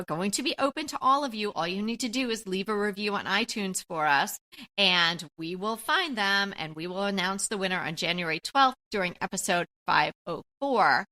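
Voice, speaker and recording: A woman's voice: medium pitch, animated, moderate pace, sharp tone. A woman co-hosting a decorating podcast, chatting casually, enthusiastic and grateful to her listeners. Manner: enthusiastic, grateful, laughs easily. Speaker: podcast co-host. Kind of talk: casual chat.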